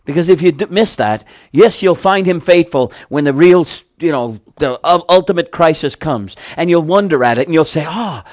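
A man's voice: on the high side, normal speed, hardly any pauses, a little mellow, no room sound, clean studio sound. A man preaching a sermon, earnest and personal, building to fervent exhortation. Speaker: pastor.

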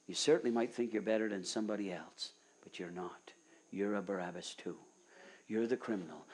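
A man preaching a sermon, moving between hushed, near-whispered pleas and loud, fervent urging. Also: lowish voice, husky.

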